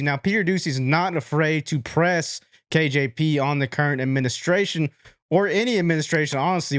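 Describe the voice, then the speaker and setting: A man's voice: a little high, dry recording. Blunt man hosting political commentary. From Latino. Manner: blunt, conversational, addresses viewers as folks. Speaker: commentary show host.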